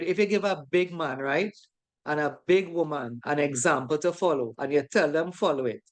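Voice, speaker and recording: A course instructor talking through an online lesson in a loose, conversational way. Key phrases come back again and again for emphasis, and the instructor keeps checking in with the class. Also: medium pitch. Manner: keeps checking in with a tag question; informal, conversational teaching.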